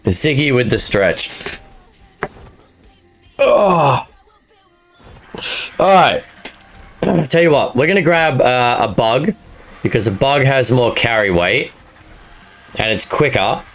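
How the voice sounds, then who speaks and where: A man streams a game live, chatting casually with his viewers, addressing chat and individual viewers by name, and laughing at his own jokes. His mid-range voice is fairly bright with lively intonation, he takes it slowly with long pauses, and faint music plays behind him.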